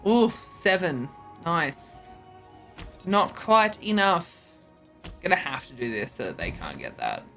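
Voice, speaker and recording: A woman's voice: low voice, big pitch swings, slow, fairly bright tone, faint music behind. A tired woman streaming a card game, chatting casually with her viewers, yawning and joking as she stumbles over her words. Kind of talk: casual live-stream chat while gaming.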